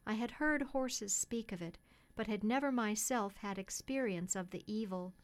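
A woman calmly narrating a classic storybook in the first person, in a measured way. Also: mid-range voice. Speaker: audiobook reader.

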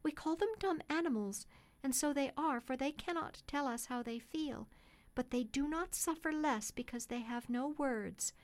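Woman doing a high, gentle refined lady. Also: animated, normal speed. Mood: earnest, persuasive. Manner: soft, persuasive, polite. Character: kind gentle English lady, refined and earnest.

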